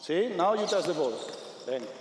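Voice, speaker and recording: High-voiced man coaching in an echoey arena. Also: normal speed, slight background noise. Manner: energetic, repetitive commands, non-native English. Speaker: basketball coach. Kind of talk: on-court coaching demonstration. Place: large sports arena.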